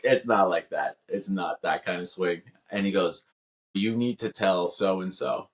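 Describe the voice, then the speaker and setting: Male podcast co-host, low voice, animated casual storyteller. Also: unhurried.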